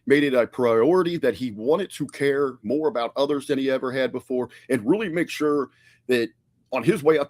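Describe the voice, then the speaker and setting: A male podcast co-host talks in a loose, conversational way, often restarting his sentences. His voice sits at an ordinary middle pitch. The sound is dry and close, with no room echo. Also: a little mellow. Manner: conversational, many fillers and restarts. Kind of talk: casual podcast review chat.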